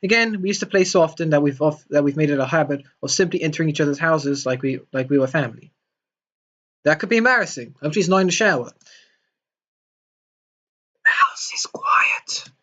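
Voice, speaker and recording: A man's voice: on the high side, expressive, quick pace, fairly bright tone, dull audio. A man hosting a let's play, reading a visual novel aloud with jokey, emotional asides.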